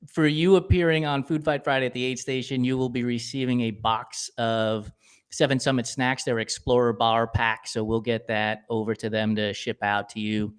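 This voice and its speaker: A man's voice: mid-range voice, clean tone. A man hosting a podcast in casual chat, easygoing and jokey. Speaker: podcast host.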